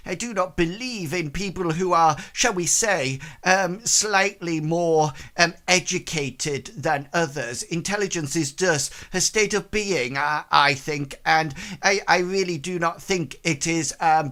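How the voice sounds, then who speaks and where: A man's voice: fairly high pitch, pushed and bright, voice pushed up. A man voicing a prim, condescending middle-aged woman who runs a refuge, speaking in clipped, formal, haughty tones.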